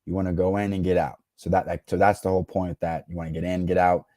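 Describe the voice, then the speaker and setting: Cocky low-voiced man giving dating advice. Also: little pitch movement, quick pace, mellow, dry recording, studio quality. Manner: cocky, slangy, laughs at his own jokes. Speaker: dating coach reacting to a clip. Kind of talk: reaction commentary to camera.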